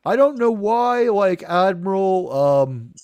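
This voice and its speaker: A man hosting a casual live-stream discussion, chatty and animated, often acting out characters' lines. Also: high-pitched, takes it slowly, clear, resonant tone, no echo, muffled recording. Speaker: live show host.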